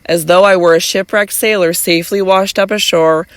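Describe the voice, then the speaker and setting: An audiobook narrator reading a classic novel in an even, measured way. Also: mid-range voice, clear, resonant tone, dry recording. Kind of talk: scripted narration.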